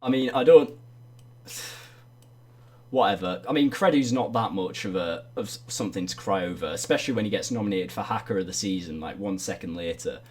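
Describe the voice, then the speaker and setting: A man's voice: on the low side, normal speed, a little mellow. A man hosting a comedic livestream awards show, crude and mocking, with plenty of swearing. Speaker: host.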